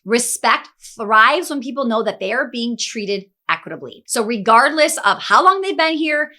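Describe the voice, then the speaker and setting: Bright, energetic woman business coach. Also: fairly high pitch. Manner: energetic, emphatic, conversational with quick asides. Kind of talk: motivational talk to camera.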